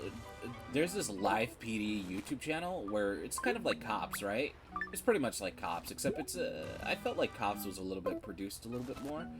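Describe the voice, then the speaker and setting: A man with a fairly low voice rambles through casual chat while he plays a game on stream. He talks frankly and drops swears without a second thought, and game music plays clearly behind him.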